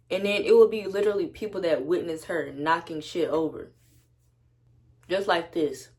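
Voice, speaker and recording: Low-voiced young woman telling a blunt story. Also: fairly quick, soft background music. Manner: blunt, profane, slangy. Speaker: vlogger. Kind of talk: casual storytime vlog. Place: at home with her dog.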